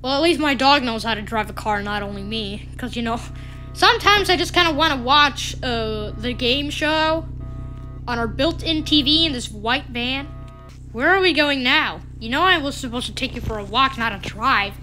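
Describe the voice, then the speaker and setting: High, bright-voiced excitable woman gamer. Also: normal speed, soft background music, rough recording. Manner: excitable, with sudden squealing exclamations. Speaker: gameplay commentator. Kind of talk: playful gameplay commentary.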